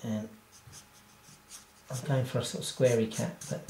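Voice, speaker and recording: A man talks through how he draws a cartoon, unhurried and rambling, full of fillers and self-deprecating asides. His voice sits in the middle of the range and has a roomy echo around it. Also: mid-range voice, little pitch movement, a little mellow, a little hiss or hum. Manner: rambling, self-deprecating, laughs at own jokes. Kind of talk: casual drawing tutorial.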